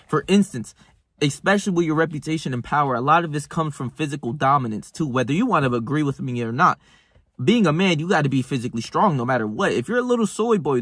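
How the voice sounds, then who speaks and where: A young man talking straight to his listeners in a blunt, profane, motivational rant, stopping often to ask "right?" and restarting his sentences. His voice sits at an ordinary middle pitch. The sound is dry and close, with no room echo. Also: fairly bright tone. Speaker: self-help vlogger. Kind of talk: casual motivational monologue to camera.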